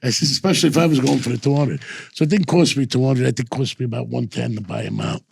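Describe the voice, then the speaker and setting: A man's voice: medium pitch, very animated, quick pace, darkish tone, a little hiss or hum. An older man telling rambling stories in casual talk, repeating "I says" and restarting his sentences. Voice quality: gravelly, husky. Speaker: host and former bookmaker. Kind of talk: casual storytelling.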